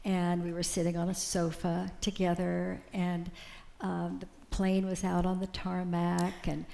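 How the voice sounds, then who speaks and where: An older American woman recounts a personal memory to a panel audience. Her voice sits low and has a gravelly fry. She halts often and repeats words as she goes. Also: completely flat delivery, mellow. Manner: halting, repeats words when moved.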